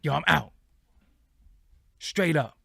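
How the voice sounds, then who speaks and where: A man hosting a livestream, ranting casually in animated, profane street slang. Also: fairly high pitch, slow, vocal fry, husky, no echo, studio quality. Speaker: livestream host.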